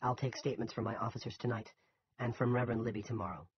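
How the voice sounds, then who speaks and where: A man's voice: mid-range voice, fairly even intonation, fast talker, breathy edge, highs cut off. A man voicing a blustering, bossy male small-town police chief in an audiobook.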